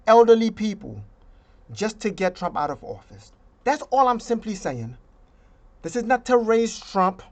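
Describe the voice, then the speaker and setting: Brief: emphatic, slow-talking vlogger, indignant political rant. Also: medium pitch. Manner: emphatic, indignant, slips into mocking voices.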